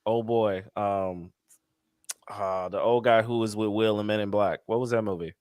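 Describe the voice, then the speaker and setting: Smooth voiced guy trying to remember a movie, lots of ums, dry mic. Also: lowish voice, fairly even intonation, moderate pace, darkish tone, no echo. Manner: hesitant, searching for words. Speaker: podcast co-host. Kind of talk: casual chat.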